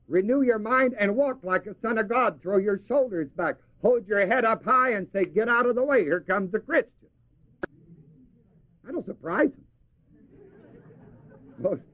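A man preaching a sermon who often chuckles and has listeners finish the verses he quotes. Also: high voice. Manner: asks the audience to finish verses. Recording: tinny lo-fi tape recording.

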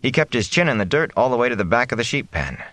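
A man reading an audiobook in a steady, measured storytelling manner. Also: medium pitch, dry recording. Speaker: audiobook reader. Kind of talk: audiobook narration.

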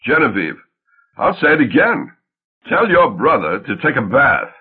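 A scornful young wife who is walking out, her voice husky and climbing high when she mocks, as a male audiobook reader puts her on. The sound is thin and tinny, with a lively swinging pitch. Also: normal speed. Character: sharp young woman, wife leaving her husband.

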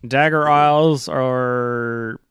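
Casual male game master, smooth and dry, pausing often with fillers. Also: medium pitch, fairly even intonation, a bit bright, dry recording. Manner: casual, halting, with many fillers. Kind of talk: explaining game rules to players.

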